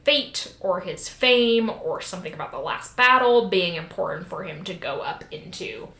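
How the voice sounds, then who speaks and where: A woman's voice: on the low side, lively intonation, moderate pace, fairly bright tone. A woman co-hosting a podcast, animatedly recapping a book in casual, profane chat and slipping into quoted voices. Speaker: podcast co-host. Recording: roomy sound with faint noise.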